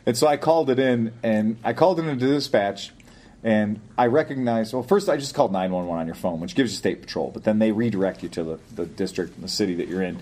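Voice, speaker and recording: A man's voice: fairly low pitch, quick pace, darkish tone. An older man in casual podcast chat, telling a long story in a rambling way and chuckling often. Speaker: podcast co-host.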